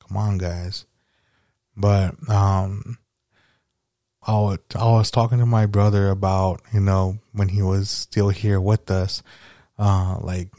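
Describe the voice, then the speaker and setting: A man's voice: low voice, little pitch movement, slow, warm tone, no echo, clean studio sound. A man hosting a podcast, chatting casually and nostalgically, rambling with lots of fillers and swearing. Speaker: podcast host.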